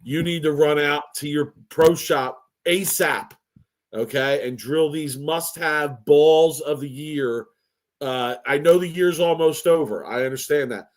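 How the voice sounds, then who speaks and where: A man's voice: fairly high pitch, unhurried. Boastful, joking bowling podcast man. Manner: boastful, playful trash talk. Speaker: podcast co-host. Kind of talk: casual chat.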